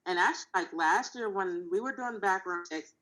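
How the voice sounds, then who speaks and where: A woman rideshare driver calmly explaining the signup process in a casual roundtable. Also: mid-range voice, poor audio. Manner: measured, explanatory.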